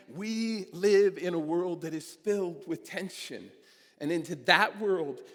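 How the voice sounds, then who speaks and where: In a church sanctuary with the sound of a large hall, a guest preacher with a high voice delivers a sermon. He preaches in a conversational, storytelling way, dropping in casual fillers.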